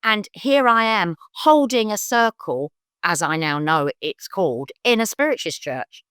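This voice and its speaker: A woman's voice: a little slow, clear, resonant tone, no room sound, studio quality. An older woman with a London accent, a psychic guest telling stories in a casual chat, acting out other people's voices as she goes. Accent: London English. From London, England. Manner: animated, acts out quoted voices in bursts of high pitch. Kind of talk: conversational storytelling.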